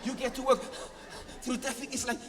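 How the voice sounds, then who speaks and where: A pastor preaches with a very high, piping voice, asking his congregation for agreement and acting out everyday family scenes. The sound rings with the long reverb of a large church hall. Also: level tone, brisk, crowd noise. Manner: preaching with call-and-response questions to the congregation; acts out scenes with playful mimicked voices and sound effects. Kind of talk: sermon.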